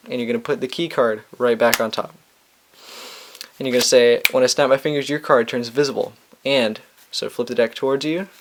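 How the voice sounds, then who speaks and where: Young man casually teaching a card trick. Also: mid-range voice. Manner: relaxed and chatty, with fillers and restarts. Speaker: magic tutorial host. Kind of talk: casual instructional explanation.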